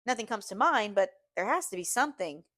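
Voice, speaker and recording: A woman teacher reading a novel aloud to her class, steady and expressive. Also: mid-range voice, fairly quick, no room sound.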